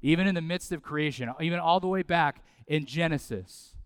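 A man, preaching a sermon in a conversational, animated way with asides and repetition. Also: on the high side, normal speed, clear, resonant tone, no echo. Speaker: pastor.

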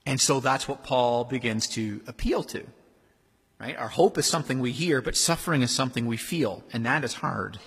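A man preaching a sermon as pastor, in a conversational, animated way. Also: mid-range voice, moderate pace, breathy edge. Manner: conversational, animated, acts out quoted voices. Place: church sanctuary. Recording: long hall reverb.

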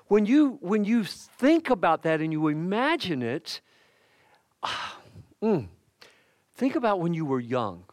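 A man's voice: high-pitched, no room sound, clean studio sound. An older man preaching a sermon as pastor, folksy and conversational, with personal asides and light humor. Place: church.

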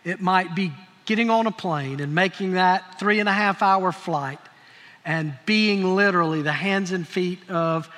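A man's voice: high-pitched, a little slow, pushed and bright. A man, the pastor, thanking a guest and encouraging the congregation to take a next step. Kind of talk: church announcements. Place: church sanctuary. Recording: long church hall reverb.

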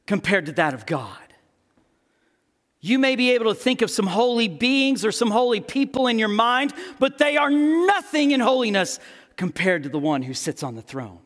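A man preaching a sermon as pastor, telling stories with animated energy and acting out the quotes. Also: sits high, moderate pace, big-room sound. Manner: animated storytelling, acts out quotes.

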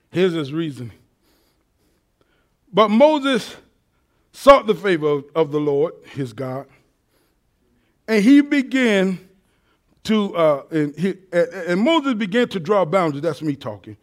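Preacher guy with a high voice, gets loud and animated then drops low. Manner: animated, colloquial, swings from quiet to shouting. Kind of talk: sermon.

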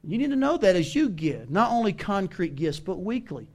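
A man with a Southern US accent preaching a sermon as pastor, animated and emphatic, calling on the congregation to respond. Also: sits high, moderate pace. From American South.

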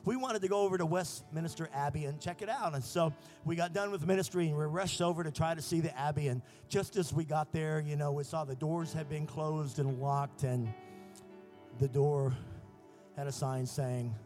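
An American man preaching a prophetic sermon, telling stories and building to shouted fervor. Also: a little high, steady tone, moderate pace, faint music behind. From United States.

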